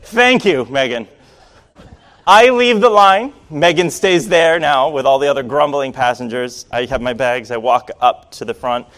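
A man from Rhode Island telling a personal story to an audience in a wry, self-deprecating, lively way. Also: medium pitch, a little slow. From Rhode Island, USA.

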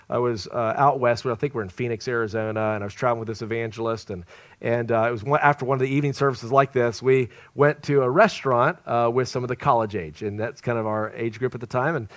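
This man's voice is mid-range and the recording has no echo. As a traveling evangelist addressing a live congregation, he keeps his sermon lively with storytelling, laughs, and playful asides.

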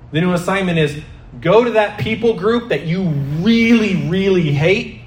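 A man's voice: sits high, roomy sound. A man preaching a sermon, emphatic and questioning, who keeps asking the congregation rhetorical questions. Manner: emphatic, asks the crowd repeated questions.

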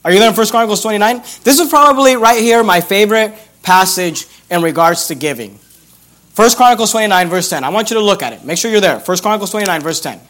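Male pastor, very high voice, emphatic sermon, repeats phrases, slow drawn-out scripture. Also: lively intonation, fairly bright tone. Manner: emphatic, repeats key phrases, stretches verses out slowly.

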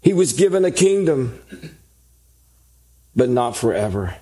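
A man's voice: medium pitch, sing-song, measured pace, warm tone, slightly rough. A man preaching a sermon, reading scripture and building emphatic lists. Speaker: pastor.

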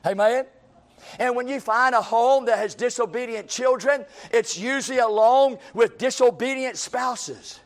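A man's voice: extremely high pitch, measured pace. A male preacher, delivering a sermon in a church with a repetitive, emphatic cadence.

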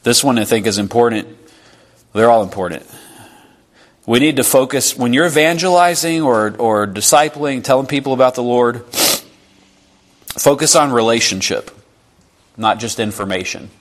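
A man's voice: medium pitch, normal speed, long pauses. A man preaching a sermon in an earnest, conversational way, sometimes acting out short exchanges.

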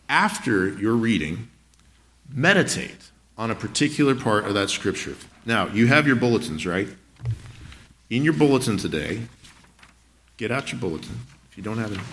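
A man's voice: fairly low pitch, fairly bright tone. A male pastor giving a sermon in a conversational, earnest way, often putting questions to the congregation.

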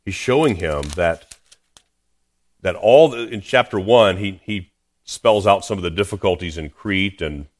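A man preaching a sermon as a pastor, earnest, often restarting and repeating words as he reads and explains scripture. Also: low-pitched.

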